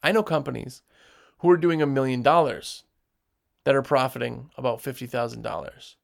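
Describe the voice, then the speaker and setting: Gravelly man giving emphatic business advice. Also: mid-range voice, normal speed. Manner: emphatic, direct, acts out customer quotes. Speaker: window cleaning business owner giving advice. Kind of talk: motivational business talk.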